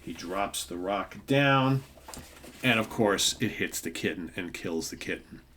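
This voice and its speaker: Low-voiced and animated, this comic book podcast host in his fifties speaks a little slowly with a bit of brightness to his tone. His casual show-and-tell commentary rambles, full of fillers, asides, and tag questions, over slight background noise.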